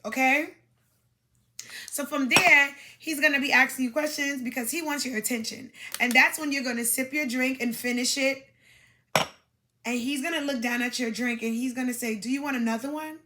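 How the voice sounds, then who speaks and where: A woman's voice: sits high, fairly even intonation, moderate pace, background noise. Emphatic New woman podcaster. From Brooklyn, New York. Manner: chatty, emphatic, dramatic asides. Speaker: podcast host. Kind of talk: casual advice monologue.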